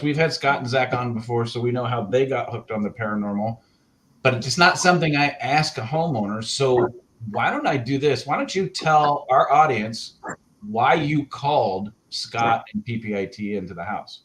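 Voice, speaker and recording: A man with a mid-range voice hosts the show, introducing guests in an even, friendly way. A faint noise sits under his voice. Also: mid-range voice, normal speed, low-quality recording. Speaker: host.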